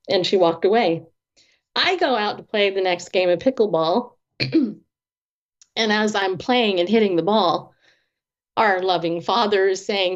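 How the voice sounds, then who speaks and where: A Christian therapist and author, this woman guests on an interview and tells personal stories with animation, laughing often and acting out the dialogue. She speaks at medium pitch and a moderate pace, pausing often, and isn't from the American South. The audio is dull and lo-fi.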